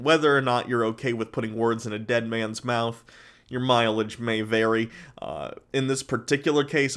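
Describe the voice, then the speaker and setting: A man's voice: medium pitch, a bit bright. A man giving a casual spoken review of a TV series, chatty and full of fillers and self-corrections. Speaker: show reviewer.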